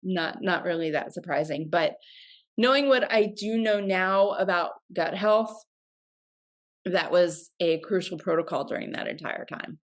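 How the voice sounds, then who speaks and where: A woman in her forties, a health coach as guest, talking in a casual, reflective way with hesitant pauses. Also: lowish voice. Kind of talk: casual interview chat.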